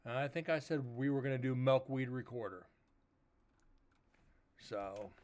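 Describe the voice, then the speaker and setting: A man hosting a paranormal livestream, chatting casually and rambling a little, with a loud voice that he says carries far. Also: medium pitch, measured pace. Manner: rambling, laid-back talk with fillers. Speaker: paranormal investigator host.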